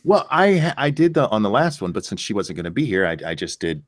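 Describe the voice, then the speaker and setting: A young adult man hosting a casual livestream chat, telling animated stories and talking over cohosts. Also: lowish voice, fast talker. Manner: animated storyteller, acts out voices in anecdotes. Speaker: podcast host.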